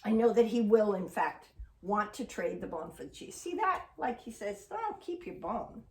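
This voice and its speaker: A woman's voice: medium pitch, big pitch swings, moderate pace, a little mellow. A woman dog trainer patiently explaining a training exercise and talking affectionately to her dog, heard from a distant mic. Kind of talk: training demonstration with commentary. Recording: roomy sound from a distant mic.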